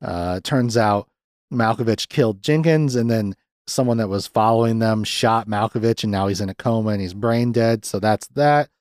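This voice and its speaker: A man's voice: fairly low pitch, a little mellow, dry recording, studio quality. Rambling, sardonic male podcast host. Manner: rambling, profane, sardonic, mimics characters in quick raised voices. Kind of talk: casual film recap.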